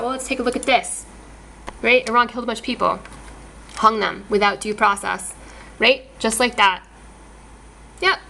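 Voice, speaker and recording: A woman's voice: on the high side, moderate pace, pushed and bright, slight background noise, rough recording. A woman talking to her camera in a casual monologue, agitated, often repeating and restarting her words. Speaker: vlogger.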